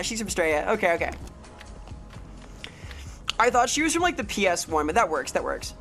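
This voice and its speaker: A woman's voice: mid-range voice, sing-song, a little fast, long pauses, a bit bright, soft background music. A woman streaming a game live, rambling playfully, swearing freely and greeting chat members.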